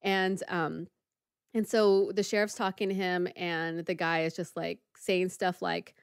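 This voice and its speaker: A woman's voice: fairly low pitch, a little slow, creaky, clear, resonant tone, no room sound, clean studio sound. A woman co-hosting a podcast, telling a story in casual chat, full of "like" and acting out the people in it. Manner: lively storyteller, many "like" fillers, acts out the people in the story. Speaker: podcast co-host.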